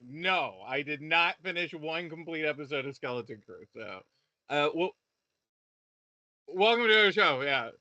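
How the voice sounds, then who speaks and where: High, bright-voiced man ranting profanely. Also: animated, a little slow, no room sound, muffled recording. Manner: profane, rambling ranting with many restarts. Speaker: podcast co-host reviewing shows. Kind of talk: casual chat.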